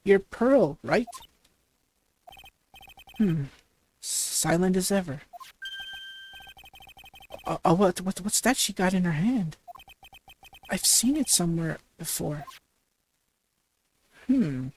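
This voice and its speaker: A woman's voice: fairly low pitch, expressive, slow, pauses often, darkish tone, a little hiss or hum. Hesitant woman commenting on a game. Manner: hesitant, fillers and restarts. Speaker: let's play host.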